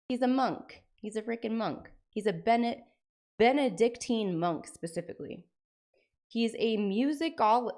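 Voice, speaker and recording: A woman's voice: on the high side, a little mellow. A woman streamer chatting casually with her viewers, rambling and sprinkling in lots of "like" and "frickin'". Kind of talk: casual live-stream chat.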